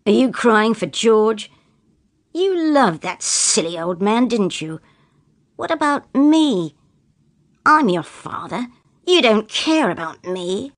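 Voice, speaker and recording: A woman reading the lines of an angry, scornful drunken father who shouts at his grown daughter. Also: mid-range voice, sing-song, slow, heavily acted. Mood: shouting. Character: angry drunken bullying father, older man.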